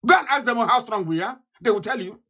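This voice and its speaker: A man giving an impassioned political broadcast, fiery and scornful, repeating himself and bursting into shouts. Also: very high voice, animated, fast. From Nigeria. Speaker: activist leader.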